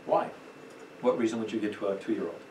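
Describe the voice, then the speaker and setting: A man's voice: fairly low pitch, steady tone, brisk, a little mellow. A man teaching a church parenting class in an emphatic, conversational way, acting out quotes and chuckling often. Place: church meeting room. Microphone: distant room mic. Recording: echoey room, distant mic, faint noise.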